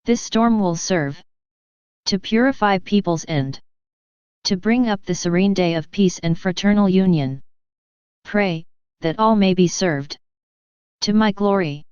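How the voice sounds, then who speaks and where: A grieving divine man pleads for love in solemn, earnest tones, voiced by a woman reading in her own lowish, very smooth voice. The sound is dry and a little dull and lo-fi. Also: measured pace, long pauses, a little mellow, no room sound, lightly acted. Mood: sorrowful. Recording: dull, slightly lo-fi dry recording.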